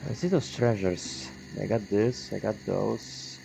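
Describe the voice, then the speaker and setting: Deep gravelly man commenting on a game. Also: a little slow, music in the background, low-quality recording. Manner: rambling, self-correcting, swears offhand. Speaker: streamer. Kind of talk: casual gameplay commentary.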